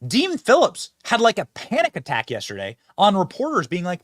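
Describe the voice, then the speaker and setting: A man hosting political commentary, mocking and sarcastic, swinging between loud outbursts and low asides. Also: wildly swooping pitch, moderate pace, few pauses, no room sound, clean studio sound.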